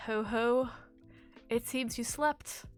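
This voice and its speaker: A woman's voice: on the high side, fairly even intonation, takes it slowly, faint music behind. A woman voicing a kindly male hotel keeper who chuckles and talks in an old-fashioned, genial way, in a game.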